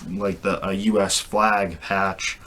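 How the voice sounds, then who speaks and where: A man's voice: low voice, flat delivery, slow pace, bright, forceful tone, a little hiss or hum. A man casually retelling a comic book story, rambling with restarts and fillers. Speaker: comic reviewer.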